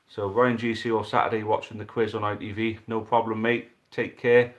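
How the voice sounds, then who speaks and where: A young man hosting and commentating a dice football tournament, chatty and excitable, swearing casually. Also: lowish voice, normal speed. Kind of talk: live commentary and casual chat.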